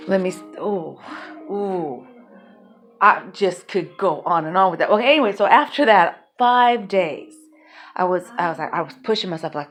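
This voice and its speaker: A woman's voice: mid-range voice, lively intonation, moderate pace, fairly bright tone, faint music behind. A woman telling her own life story as a mother, emotional and rambling, speaking bluntly and swearing.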